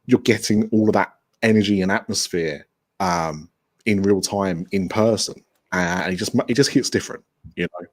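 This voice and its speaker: Man, podcast guest, fairly low voice, eager and rambling, video call audio. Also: moderate pace. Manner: enthusiastic, rambling with restarts. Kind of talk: casual remote interview chat.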